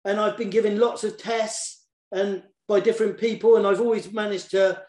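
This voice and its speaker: A man's voice: high-pitched, level tone, normal speed, echoey room. A man, a children's poet and author, talking casually and eagerly in an online session, often repeating words as he goes. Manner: warm and enthusiastic, repeats words while searching for them.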